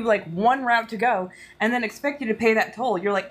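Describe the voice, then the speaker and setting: A woman's voice: a little high, fairly quick, few pauses. A woman hosting a casual livestream, ranting heatedly with lots of swearing and a slight Southern accent. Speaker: tarot livestream host.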